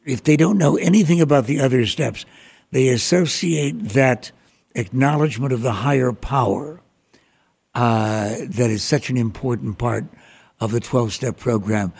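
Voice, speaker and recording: A man interviewing a guest, asking his questions slowly and deliberately. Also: medium pitch, creaky, darkish tone, slightly rough. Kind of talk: conversational interview.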